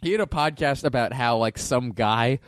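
A male comedian, a podcast guest, chatting casually and explaining things quickly in bursts. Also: mid-range voice, dry recording, studio quality.

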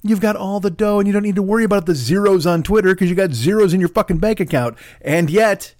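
A high-pitched, fast-talking podcast host rants from his home apartment in Los Angeles, heard in clean studio sound without room noise. His comedic monologue is loose, profane, rambling and animated.

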